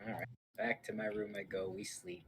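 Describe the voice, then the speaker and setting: A man's voice: on the low side, little pitch movement, moderate pace, a bit bright, slight background noise, low-quality recording. A man playing his character in a tabletop game, joking and boasting with the game master. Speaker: player. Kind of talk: in-character tabletop role-play.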